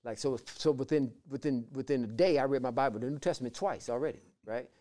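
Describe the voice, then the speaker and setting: Animated storytelling man, mellow voice. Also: medium pitch, fast talker. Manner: lively, repeats words, acts out quoted voices. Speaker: guest sharing his testimony.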